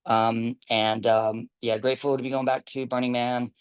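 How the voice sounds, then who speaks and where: A man recounts a story in a relaxed, meandering way on a video call. He restarts his sentences often and acts out the lines of the people in his story. His voice sits at an ordinary middle pitch. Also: moderate pace, clear, resonant tone. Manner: rambling, many fillers and restarts, quoting others. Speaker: camp volunteer telling a story. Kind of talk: casual storytelling.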